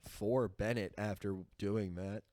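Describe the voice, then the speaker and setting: A man co-hosting a reality TV podcast, talking in an animated, rambling way with many restarts. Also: fairly low pitch, slow pace, no echo. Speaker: podcast co-host. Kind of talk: casual chat.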